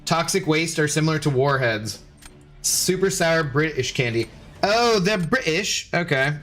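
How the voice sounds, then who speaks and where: Chatty male gaming streamer, slightly high. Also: lively intonation, unhurried, fairly bright tone, soft background music. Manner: chatty, reads chat aloud, swears when losing. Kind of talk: casual live-stream commentary.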